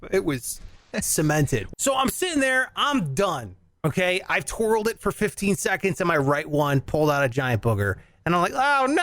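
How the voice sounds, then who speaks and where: Lively high-voiced man telling a story. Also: no echo, clean studio sound. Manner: animated, laughing, acts out voices. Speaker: podcast host. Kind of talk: casual storytelling chat.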